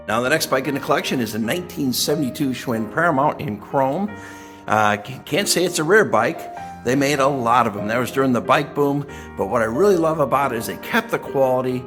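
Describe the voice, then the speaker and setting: An older man from the Chicago area hosting a casual vlog about his vintage bicycle collection, chatty and self-deprecating, with fillers and asides. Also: mid-range voice. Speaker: vintage bike collector and channel host. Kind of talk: casual show-and-tell vlog. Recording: echoey room with faint guitar music.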